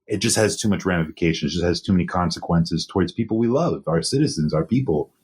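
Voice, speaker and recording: A man's voice: sits low, fast, darkish tone, husky. A young man co-hosting a podcast in casual news chat, earnest and repeating himself for emphasis. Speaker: podcast co-host.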